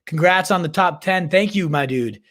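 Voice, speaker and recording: Male livestream host, slightly higher voice, hyped and slangy, thinks aloud with restarts. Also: moderate pace, fairly bright tone. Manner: hyped, slangy, calls viewers "baby" and "my dude"; restarts and repeats words while thinking aloud. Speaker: fantasy football livestream host. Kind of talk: casual live Q&A chat.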